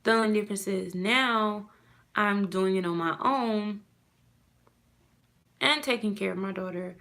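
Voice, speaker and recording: Slow, gravelly-voiced mother venting. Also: mid-range voice, a bit bright. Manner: heartfelt, rambling, with many "you know" fillers. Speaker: mother vlogging about her custody loss. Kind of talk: casual personal rant to camera.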